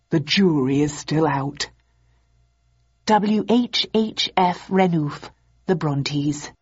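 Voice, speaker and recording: A woman reading a novel aloud as audiobook narrator, in steady, measured narration. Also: on the low side, breathy edge. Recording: slightly dull lo-fi audio.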